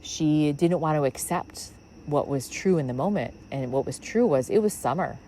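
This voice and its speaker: A woman with a very deep, low voice muses on spiritual ideas from her backyard. She rambles along with lots of fillers, and a faint hiss sits under the outdoor recording. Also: lively intonation, normal speed, mellow, low-quality recording. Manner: musing, rambling with many fillers. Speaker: podcast host. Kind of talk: reflective spiritual monologue.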